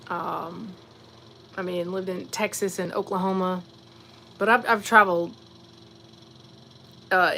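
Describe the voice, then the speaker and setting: Slightly low in pitch with a fairly bright tone, this woman hosts a casual livestream from Virginia, USA, reflecting and speaking straight to chat with asides and fillers. A faint hiss or hum is audible.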